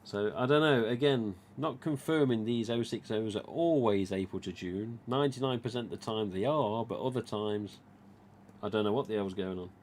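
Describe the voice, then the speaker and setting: A mask collector with an East Midlands accent runs a relaxed live stream, talking in a loose, chatty way and relaying what people said. His fairly low voice moves at a moderate pace with a slightly mellow quality, over some light background noise.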